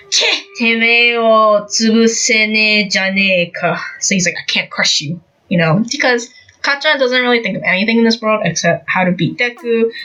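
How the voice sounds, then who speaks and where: A woman's voice: medium pitch, a bit bright, low-quality recording. A young woman hosting a podcast, recapping a manga in casual, rambling chat full of fillers and acted-out quotes. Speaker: podcast host.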